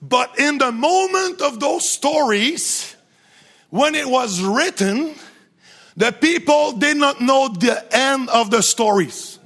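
A high, bright-toned male preacher delivering an energetic sermon. He speaks deliberately, calls out to the congregation and laughs often.

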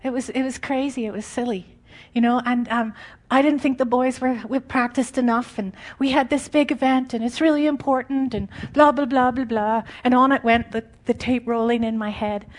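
Animated woman preaching, slightly high voice. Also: normal speed, hardly any pauses. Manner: animated and conversational, laughs often. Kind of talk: informal sermon.

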